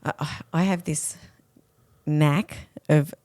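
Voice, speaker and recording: A woman chats as a podcast guest in a low voice, recorded close and dry. She talks earnestly, sprinkling her thoughts with "you know". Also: fairly even intonation, very slow, a little mellow, no echo. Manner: chatty, earnest, full of fillers. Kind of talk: casual podcast chat.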